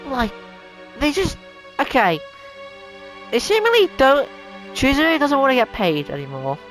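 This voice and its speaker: A woman's voice: high-pitched, big pitch swings, measured pace, fairly bright tone, soft background music, low-quality recording. A woman hosting a casual opinion rant at home, rambling, swearing a lot and sounding exasperated. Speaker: channel host. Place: home room.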